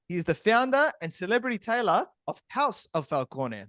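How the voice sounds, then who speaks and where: A man hosting a business podcast, reading an energetic, scripted introduction. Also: high voice, a little fast, few pauses, no echo, studio quality. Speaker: podcast host. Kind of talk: upbeat interview hosting.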